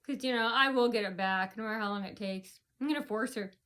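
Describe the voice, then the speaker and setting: A woman's voice: fairly high pitch, fast talker, bright, forceful tone. A woman vlogger telling a personal story in an indignant, rambling rant, often repeating herself.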